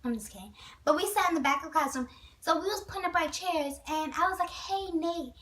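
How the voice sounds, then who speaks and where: A woman vlogger telling a storytime to her viewers, chatty and animated, with many asides. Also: high voice, fast, distant mic, rough recording. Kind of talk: storytime vlog.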